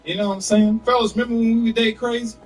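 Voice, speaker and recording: Man, stand-up comic, high lively voice, loud and laughing, recorded from a distance. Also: fast, faint music behind. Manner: loud, animated, laughs at own jokes. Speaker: stand-up comedian. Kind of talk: stand-up comedy set.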